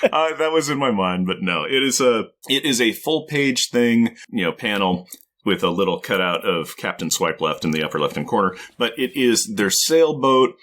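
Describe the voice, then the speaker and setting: A man's voice: on the low side, animated, normal speed, fairly bright tone. A man co-hosting a casual comic book podcast, easygoing and agreeable, chuckling at his own jokes. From Oregon, USA. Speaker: podcast co-host.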